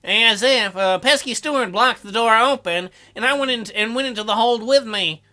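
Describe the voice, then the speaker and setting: A man voicing a gruff male sailor with a working-class lilt who talks in a curt, mocking way. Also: very high voice, normal speed, pushed and bright, faint music behind.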